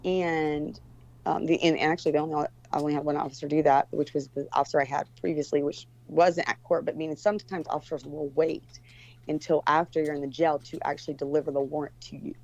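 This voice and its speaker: A woman's voice: deep voice, steady tone, fairly quick, a little mellow. A woman guest telling a story in casual talk, rambling with many restarts and fillers. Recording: dull lo-fi recording.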